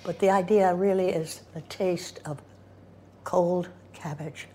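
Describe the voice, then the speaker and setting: Rich: A woman near ninety with a low, mellow voice, chatting in a wry, matter-of-fact way. Faint room ambience sits behind her. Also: steady tone, slow pace, a little hiss or hum. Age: older. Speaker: interviewee. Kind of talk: casual conversation.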